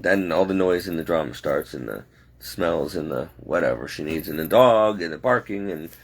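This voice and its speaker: A man's voice: deep voice, creaky. A man, a home caregiver, rambling and exasperated as he vents in a late-night vlog. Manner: talking to himself, restless and frustrated.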